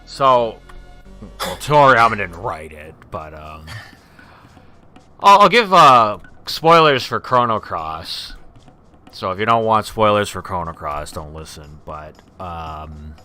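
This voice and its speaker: A man's voice: fairly low pitch, lively intonation, slow, pushed and bright, soft background music. A man co-hosting a let's play, chatting casually and swearing now and then as he plays. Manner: laid-back, drawling, swears casually. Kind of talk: casual gameplay chat.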